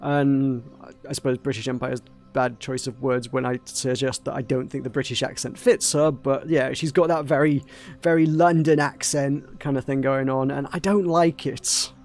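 A man's voice: mid-range voice, fairly even intonation, normal speed, a little mellow, faint music behind. A man hosting a let's play, giving casual, rambling commentary with many hesitations. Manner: rambling, hesitant, laughs at the game.

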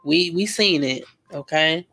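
A woman's voice: low-pitched, measured pace, breathy edge. A young woman, chatting and gossiping casually while she paints live, slangy and laughing often. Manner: slangy, laughs a lot, animated storytelling. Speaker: art vlogger painting live.

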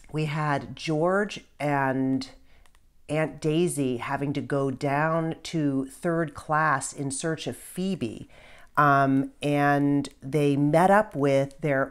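A woman's voice: sits low, clean tone. A middle-aged woman, a children's author, reading her book aloud to kids with a storyteller's manner and casual asides.

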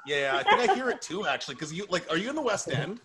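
Laughing, animated man telling stories. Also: high voice, fast, a crowd in the background. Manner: animated storyteller, laughs often. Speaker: podcast host and personal trainer. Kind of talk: casual chat.

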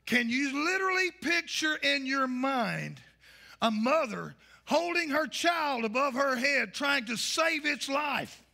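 A male pastor, preaching a fiery sermon and shouting his points. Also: extremely high pitch, lively intonation, slow pace, vocal fry.

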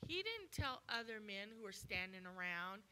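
A woman preaching a sermon as a guest speaker at a church, animated and acting out the voices of people in the story. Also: mid-range voice, normal speed, clean tone. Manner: animated, acts out voices in quoted dialogue.

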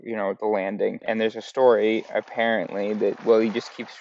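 Low creaky voiced american guy vlogging, muffled dull audio. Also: little pitch movement, moderate pace, a little mellow, a little hiss or hum. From United States. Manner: meandering, self-correcting. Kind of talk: casual rambling monologue.

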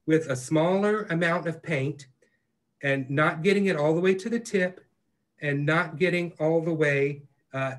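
A man leads a live online painting class, his voice sitting a bit high for a man. He talks in an easygoing, reassuring way, pausing often on fillers. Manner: relaxed, reassuring, lots of fillers. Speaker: painting instructor.

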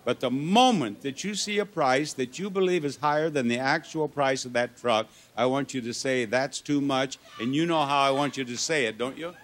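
A man's voice: medium pitch, normal speed, few pauses, a bit bright. A man hosting a studio game show, playful and joking with the contestants. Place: television studio before an audience. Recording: studio with crowd noise and music.

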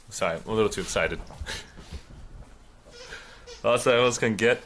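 A man's voice: mid-range voice, sing-song, moderate pace, long pauses, bright, forceful tone. A young man chatting casually to his live-stream viewers while moving around a house, reading out new followers and subscribers. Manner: chatty, talks to chat, reads out follows and subs. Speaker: IRL livestreamer. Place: indoors in a house, kitchen and bathroom.

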